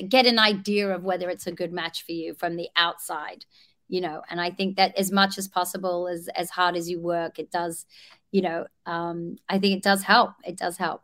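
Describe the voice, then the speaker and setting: Rambling Australian actress. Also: female voice, fairly low pitch, a bit bright. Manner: rambling, restarts, laughs at herself. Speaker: actress guest. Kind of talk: casual interview chat.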